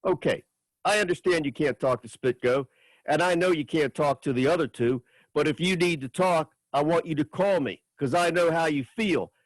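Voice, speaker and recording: A man's voice: fairly high pitch, normal speed, dry recording, close to an everyday voice. A man reading aloud and voicing a talkative, caring adult woman friend, emphatic and streetwise. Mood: coaxing.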